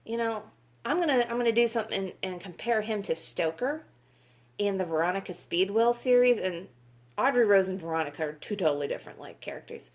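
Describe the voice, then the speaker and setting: A woman's voice: mid-range voice, lively intonation, brisk. A woman reviewing books in a casual vlog, exasperated, sarcastic and swearing freely. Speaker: book reviewer.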